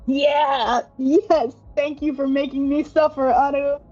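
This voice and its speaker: A woman playing in a tabletop role-play stream, excitable and playful, laughing often. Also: sits high, slow pace, muffled recording, faint music behind. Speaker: tabletop game player. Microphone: home mic on a live stream.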